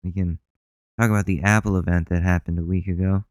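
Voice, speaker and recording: A man's voice: low voice, fairly even intonation, fast, clean tone, no room sound. A man hosting a solo podcast, talking bluntly and sarcastically with plenty of swearing. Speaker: podcast host.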